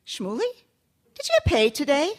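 Brief: woman playing a high, loud scolding mother, exasperated, in a spoken folktale. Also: huge pitch swings, normal speed. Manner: scolding, exclaiming. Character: exasperated doting mother of a poor boy.

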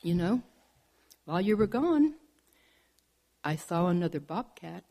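A woman voicing a fussy, vain female saguaro cactus who is quick to take offense, in a told folk story. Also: fairly low pitch, big pitch swings, dark tone, pitched below the performer's own voice, exaggerated voice. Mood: coaxing.

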